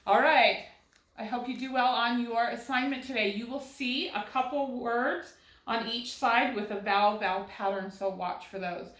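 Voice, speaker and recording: A woman's slightly bright, high-side voice moves at a normal speed through a recorded first grade phonics lesson. She patiently splits words into syllables and steers young students with rhetorical questions, all in a reverberant, low-quality recording.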